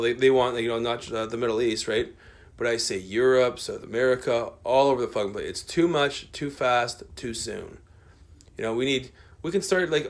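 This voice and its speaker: A man talking in a rambling, profane monologue rant. He is full of filler words and swings between loud outbursts and low mutters. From Canada.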